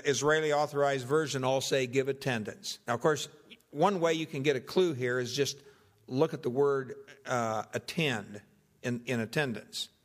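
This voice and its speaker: A young man preaching, teaching through a Bible passage in a measured, deliberate way and going through its translations one by one. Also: mid-range voice, a bit bright, big-room sound. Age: young adult. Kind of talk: expository Bible sermon.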